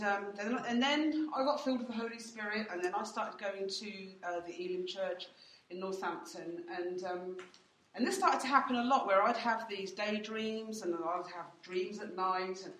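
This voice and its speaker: A woman's voice: medium pitch, fairly bright tone, far from the mic. A woman teaching in church, telling her story in a chatty way with many fillers and voicing others in quotes. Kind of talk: teaching testimony. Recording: roomy and off-mic.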